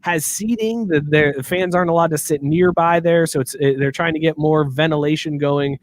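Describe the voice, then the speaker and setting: A young man with a slightly high voice, co-hosting a loose, jokey podcast chat. He laughs easily and ribs his friends while asking about hockey news. The delivery is casual and conversational. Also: a little fast, a little hiss or hum. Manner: joking, laughs often. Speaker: podcast co-host.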